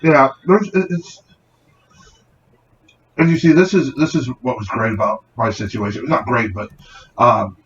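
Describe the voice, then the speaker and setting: Male podcast co-host, casual and profane, mid pitch, dull lo-fi audio with light hiss. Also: measured pace, pauses often. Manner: profane, animated retelling with acted quotes. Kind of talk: casual storytelling.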